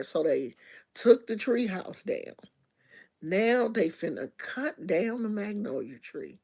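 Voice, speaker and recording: A woman's voice: mid-range voice, sing-song, slow pace, warm tone, slightly rough. A middle-aged woman chatting casually to viewers on a livestream, telling stories in loose slangy speech with lots of restarts. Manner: chatty, storytelling, talks to viewers directly. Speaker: livestream host.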